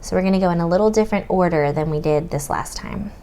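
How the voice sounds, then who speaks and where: An American woman tutoring children through a map lesson, in a slow sing-song manner that sometimes drops to a whisper. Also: on the low side, mellow, a little hiss or hum. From United States. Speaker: homeschool tutor teaching children.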